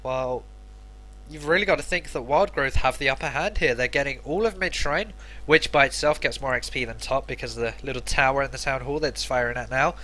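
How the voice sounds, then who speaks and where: A man's voice: medium pitch, fairly quick, bright, forceful tone. A man co-casting a live esports match, giving analytical color commentary. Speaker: esports co-caster.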